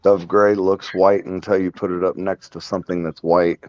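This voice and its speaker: Laid-back guy rambling about cars, lowish voice, kinda muffled dry sound. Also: little pitch movement, normal speed, darkish tone. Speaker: podcast host. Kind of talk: casual chat about cars. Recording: dull lo-fi recording.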